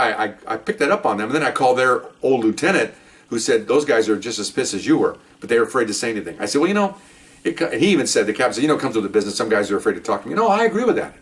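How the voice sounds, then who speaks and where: An older man, a retired police officer, telling stories from his career in a casual, animated way, acting out the people he quotes. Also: medium pitch, distant mic. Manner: animated, acts out quoted voices. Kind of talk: casual storytelling.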